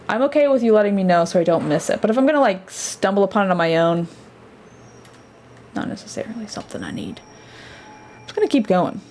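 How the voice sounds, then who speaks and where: A woman's voice: medium pitch, a little mellow, slight background noise. A woman streamer chatting casually and reacting aloud as she plays a game. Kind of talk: casual let's-play commentary.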